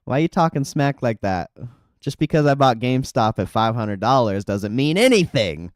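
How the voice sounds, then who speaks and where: Smooth-voiced man chatting on a stream. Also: mid-range voice, big pitch swings, moderate pace, dry recording, clean studio sound. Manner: chatty, laughs often, swears freely. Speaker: livestreamer reading chat. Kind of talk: casual live chat about stock trading.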